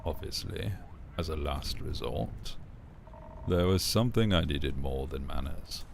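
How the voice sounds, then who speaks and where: A man voicing a suave, sly male wanderer with a put-on English-style voice, deep vocal fry and a dry, politely menacing manner. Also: animated, unhurried, background noise, full character voice. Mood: sardonic.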